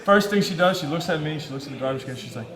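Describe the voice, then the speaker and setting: A man telling a comic personal story on a talk show, quick and self-deprecating, laughing as he goes. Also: on the high side, expressive, echoey room, very noisy. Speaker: guest athlete. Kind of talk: animated anecdote telling.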